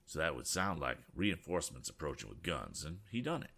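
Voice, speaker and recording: A man's voice: extremely low pitch, sing-song, a little fast, vocal fry, sharp tone, husky, full character voice. A man voicing a burly, grizzled older farmer who talks in a drawling rural dialect. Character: burly grizzled old male farmer, folksy.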